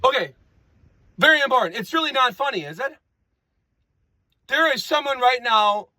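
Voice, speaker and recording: A man's voice: extremely high pitch, pushed and bright, no room sound. A man rambling through an improvised comic monologue, repeating himself with playful wordplay.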